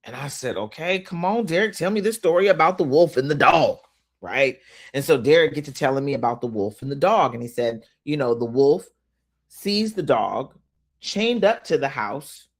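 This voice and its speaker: On her motivational live stream, a woman business coach reads viewers' comments aloud and speaks right to her audience, animated and casual. Her voice sits low at a moderate pace, punctuated by loud emphatic outbursts between quieter asides.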